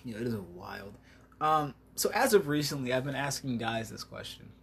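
A man's voice: mid-range voice, lively intonation, normal speed, fairly bright tone, husky. Slangy, laughing male podcast host. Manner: slangy, laughs often, loses his train of thought. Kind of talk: casual podcast chat.

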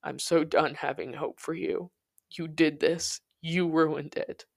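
A woman's voice: low-pitched, steady tone, slow, gravelly, husky, full character voice. Narrator voicing a bitter, accusing young woman. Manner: cold, blaming.

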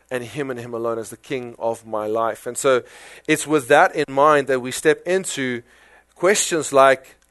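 A man with a South African accent preaching a sermon in a conversational, animated way, full of rhetorical questions. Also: mid-range voice, dry recording. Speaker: pastor.

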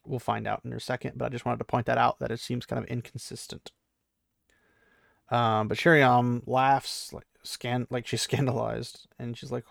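Gravelly man rambling through a book recap. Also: mid-range voice, level tone, moderate pace, a bit bright, no room sound, studio quality. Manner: rambling, heavy use of "like", acts out characters' lines. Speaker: book discussion host. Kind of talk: casual book recap and commentary.

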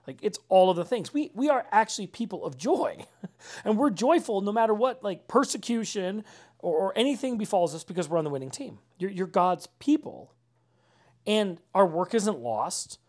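A man's voice: high voice, expressive, normal speed. Male pastor, casual sermon voice, conversational and earnest with a wry streak. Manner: conversational, peppered with "like" and "right?"; earnest, with dry mocking asides. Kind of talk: informal sermon.

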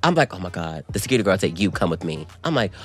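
A man co-hosting a podcast, telling a story in casual chat, very animated and swooping high when excited, calling everyone "girl". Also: rapid-fire, faint music behind. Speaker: podcast co-host.

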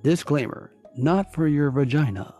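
A man's voice: fairly high pitch, moderate pace, mellow, soft background music, close to an everyday voice. A man putting on a mock-serious voice as a spoof ad announcer.

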